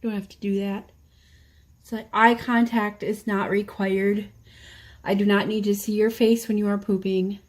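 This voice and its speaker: A woman's voice: mid-range voice, flat delivery, moderate pace, darkish tone. A woman vlogging at home, chatting casually in a wry, meandering way full of asides. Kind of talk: casual rambling chat. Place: home, indoors.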